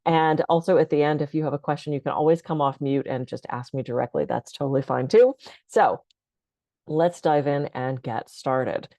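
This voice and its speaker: Calm woman guiding a breathing exercise. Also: low-pitched, normal speed, no echo. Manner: calm, conversational, gently instructive. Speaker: stress management speaker. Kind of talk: guided breathing talk. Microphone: video call.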